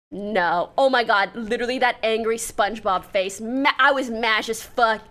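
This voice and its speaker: Chatty young woman streamer, higher voice. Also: moderate pace, few pauses. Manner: chatty, animated storytelling, swearing freely. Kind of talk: casual livestream chat.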